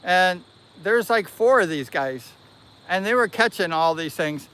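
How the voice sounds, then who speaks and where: A man hosting a livestream, casually telling a long personal story in an animated, rambling way and correcting himself as he goes. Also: high voice, a little slow. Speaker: livestream host.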